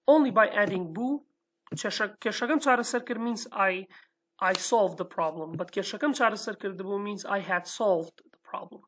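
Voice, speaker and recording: Teaching patiently and in careful steps, this Kurdish-accented woman, whose first language is Kurdish, frequently checks understanding with "okay?". She's from Sulaymaniyah, Iraqi Kurdistan, and speaks at a moderate pace in a mid-range, somewhat bright voice.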